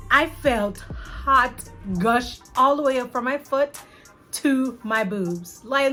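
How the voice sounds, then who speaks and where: A young adult woman vlogger telling a personal story to her viewers in an animated, chatty way. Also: sits high. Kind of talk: casual storytelling to camera.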